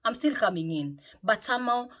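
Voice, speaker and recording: A middle-aged woman, chatting to camera from home in a lively vlog, often tagging her sentences with "eh?". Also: on the high side, fairly quick. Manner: lively and chatty, with frequent "eh?" tags. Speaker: motivational vlogger. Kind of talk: casual chat to camera. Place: home, indoors.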